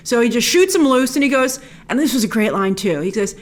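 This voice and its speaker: Excited chatty woman show host. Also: on the high side, brisk. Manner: excited, chatty, quotes characters with little voices. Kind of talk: casual episode breakdown and review.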